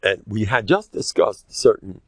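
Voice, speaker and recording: An older man, a rabbi giving a humorous Torah lecture, joking and self-deprecating, now and then bursting into loud, emphatic cries. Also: on the low side, lively intonation, unhurried, slightly rough, dry recording.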